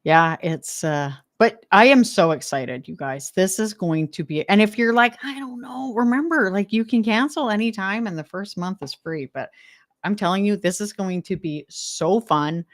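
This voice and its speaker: A woman's voice: medium pitch, normal speed, no room sound, studio quality. A woman from Western Canada with a Canadian accent, chatting casually and enthusiastically with viewers as host of a live stream, laughing often. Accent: Canadian English. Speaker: host of a decluttering livestream.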